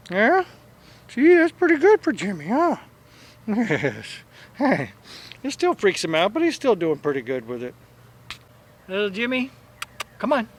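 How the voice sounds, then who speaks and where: Man cooing sing-song baby talk to dogs. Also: high-pitched. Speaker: dog owner filming his dogs. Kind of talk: casual talk to pets on camera.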